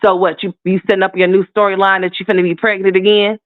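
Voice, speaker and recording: A man with a notably high voice delivers fiery, profane, sassy commentary. The sound is thin and phone-like, with no room at all around it. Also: flat delivery, fast talker, clean tone, no room sound. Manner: heated, profane, sassy ranting. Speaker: commentary host. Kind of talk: ranting commentary. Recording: tinny phone-like dry sound.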